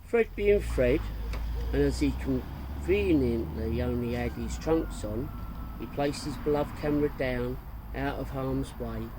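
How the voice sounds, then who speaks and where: A man reading a story aloud as narrator, slow and even. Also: medium pitch, background noise.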